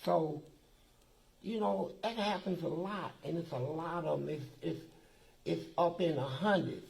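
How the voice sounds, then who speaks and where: A man's voice: fairly high pitch, a little slow, vocal fry, darkish tone, slight background noise, poor audio. A man from Kentucky telling profane, streetwise stories in casual talk as an interview guest, acting out the dialogue. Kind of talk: casual storytelling.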